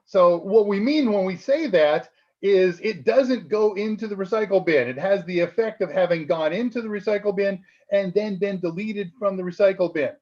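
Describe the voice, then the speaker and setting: A man's voice: high voice, a little mellow, highs cut off. A man co-hosting a live tech Q&A stream, explaining exam answers in a chatty way and laughing often.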